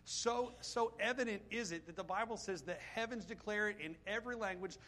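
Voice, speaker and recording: Middle aged guy preaching, high bright voice, keeps asking the crowd questions. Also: fairly quick. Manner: emphatic, rhetorical questions to the congregation. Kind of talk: sermon.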